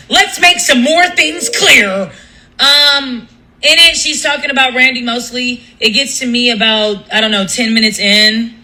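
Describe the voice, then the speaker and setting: A woman's voice: on the high side, pushed and bright, poor audio. Fed-up woman ranting on a livestream. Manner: profane, emphatic storytelling with many restarts. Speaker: radio host and live streamer. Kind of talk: casual livestream rant.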